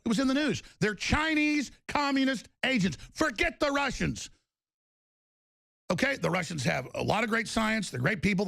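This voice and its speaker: A male talk radio host holds forth in a heated, insistent rant and hammers his points again and again. His voice sits fairly high and has a rough, gravelly edge. The sound is close and dry. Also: a bit bright, no room sound. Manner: heated, emphatic ranting with repetition.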